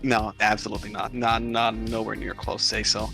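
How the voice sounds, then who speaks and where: A low-voiced man with a gravelly, sharp edge, chatting on a stream as a guest. He is excitable and profane, tripping over his words and restarting often. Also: normal speed, faint music behind. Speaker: guest VTuber. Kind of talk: casual streamed chat.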